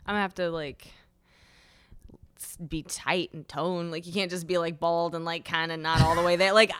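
A woman's voice: on the low side, fairly even intonation, moderate pace, a bit bright, smooth, dry recording. A young woman with a Southern Californian accent, a guest on a podcast, talking candidly and laughing easily. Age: young adult. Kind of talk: casual podcast chat.

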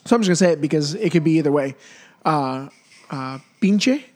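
A man hosts a casual podcast, his voice sitting a little high. He laughs often and tells stories with animation. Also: fast talker, darkish tone. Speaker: podcast host. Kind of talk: casual chat.

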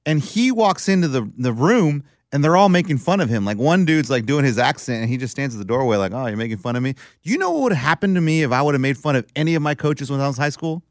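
Animated ranting man from South Texas. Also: on the high side, fast talker, hardly any pauses, dry recording, clean studio sound. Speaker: podcast co-host. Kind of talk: casual sports chat.

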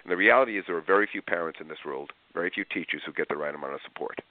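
A man guest on a radio show, speaking as a parenting trainer and telling stories in a lively way. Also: deep voice, racing, no echo. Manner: animated storyteller, acts out quotes. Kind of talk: radio interview talk. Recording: tinny dry phone line.

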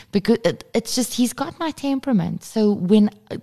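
A woman's voice: a little high, expressive, moderate pace, hardly any pauses, dark tone. A woman, co-hosting a casual parenting podcast and talking candidly, swearing freely. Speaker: podcast co-host. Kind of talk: casual chat.

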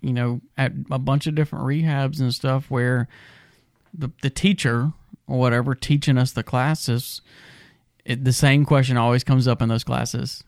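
A man's voice: medium pitch, fairly even intonation, moderate pace, no room sound, clean studio sound. A man in recovery speaking earnestly and reflectively in a casual podcast conversation, often restarting his words.

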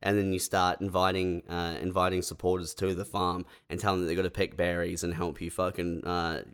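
A man's voice: sits low, flat delivery, a little fast, a bit bright, clean tone. An Australian man in casual comedic chat on a podcast, ranting with frequent laughs and swearing.

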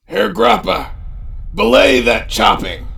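A booming adventurer, as a player puts him on, gravelly and stern as he makes threats during a parley. His voice sits high for a man, with a heavy rasp, in this tabletop game. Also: huge pitch swings, takes it slowly, fairly bright tone, exaggerated voice. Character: booming, commanding male adventurer making threats.

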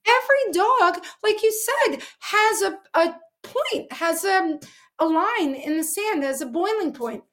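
A woman's voice: extremely high pitch, expressive, slow, fairly bright tone. A middle-aged woman dog trainer explaining things earnestly in an interview, with many fillers. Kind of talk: interview answers.

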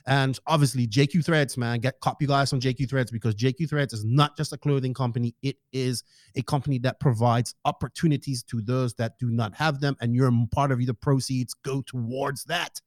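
A man hosting a casual podcast, joking, excitable and swearing freely while he thanks sponsors and chats with a guest over a remote call. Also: mid-range voice, normal speed, no room sound, studio quality. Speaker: podcast host. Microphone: podcast microphone, remote call.

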